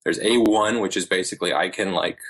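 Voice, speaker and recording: A man's voice: low voice, fairly quick. A man in his thirties, a podcast guest, telling stories in casual chat with lots of fillers and restarts. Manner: animated storytelling with many fillers and restarts.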